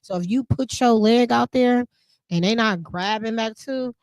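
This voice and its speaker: Animated woman podcast host, dry close sound. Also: a little high, a little slow, no echo. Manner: animated, emphatic, laughs often, speaks in vernacular. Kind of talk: casual conversational chat.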